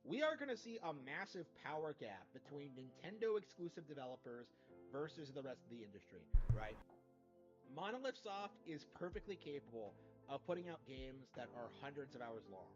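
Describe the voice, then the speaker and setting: A video commentator, a man, offers opinionated commentary, arguing his case argumentatively and leaning on tag questions to check in. His voice runs on the high side with big pitch swings and a brisk pace. The clip is dull and lo-fi, with music.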